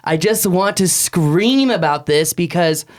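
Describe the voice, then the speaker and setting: A man in his thirties co-hosting a podcast, talking in an animated, emphatic way as he gives business advice in casual chat. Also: high-pitched, a little slow. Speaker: podcast co-host.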